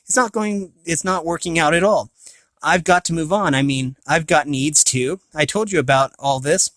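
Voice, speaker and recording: A man's voice: fairly high pitch, normal speed, fairly bright tone, no room sound, lightly acted. A man voicing a defensive, self-righteous teenage boy breaking up with his girlfriend.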